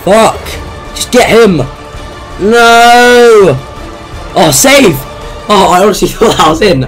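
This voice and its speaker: Hoarse high-pitched sweary gamer man. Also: lively intonation, normal speed, faint music behind. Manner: sweary, yells at goals. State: hoarse, damaged voice. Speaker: gaming YouTuber. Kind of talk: excited gameplay commentary.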